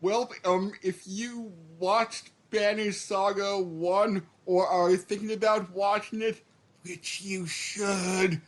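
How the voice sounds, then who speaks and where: A man co-hosting a casual podcast, slow and joking, wrapping up an episode. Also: high voice, steady tone. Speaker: podcast co-host. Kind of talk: casual chat.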